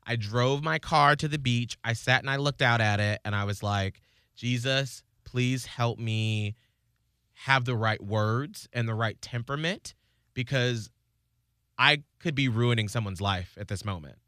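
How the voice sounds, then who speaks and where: A man's voice: mid-range voice, unhurried, pushed and bright, clear, resonant tone, no echo, clean studio sound. A man hosting a radio morning show, telling an earnest story in casual chat and acting out the lines he quotes.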